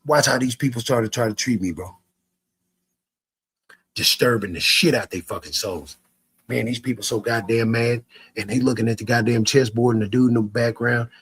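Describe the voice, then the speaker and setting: Man, husky voice, live-stream rant, profane, stammering restarts. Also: medium pitch, normal speed, fairly bright tone. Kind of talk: ranting live stream to chat.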